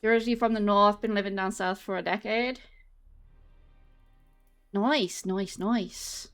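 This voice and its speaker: A woman's voice: medium pitch, fairly even intonation, unhurried, a bit bright, faint music behind. An English woman streamer chatting casually with her viewers and answering chat while walking on a treadmill. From England. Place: home, on a treadmill.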